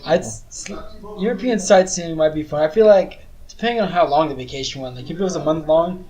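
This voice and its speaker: Young male co-host with a notably high voice, mocking and playful. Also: fast, darkish tone. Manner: teasing, needling. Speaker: podcast co-host. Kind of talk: casual chat.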